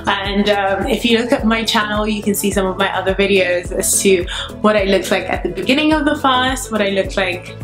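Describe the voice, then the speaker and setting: A woman from Nigeria talks to camera in her apartment, excitable and a little breathless. Her voice sits at a middle pitch. The room adds a noticeable echo, with faint music behind. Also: moderate pace. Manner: chatty and excitable. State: a bit out of breath. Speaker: vlogger. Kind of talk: casual vlog to camera.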